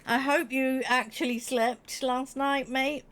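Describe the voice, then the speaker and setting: A chatty woman with a high-sitting voice speaks slowly on her Twitch live stream. Animated and laughing, she talks straight to chat in a casual exchange with viewers.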